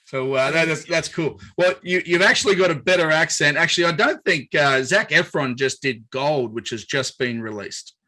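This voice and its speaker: A man's voice: on the high side, normal speed, hardly any pauses, sharp tone. An Australian man hosting a podcast interview, chatting in a friendly, rambling way with many restarts. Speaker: podcast host. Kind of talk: casual interview chat.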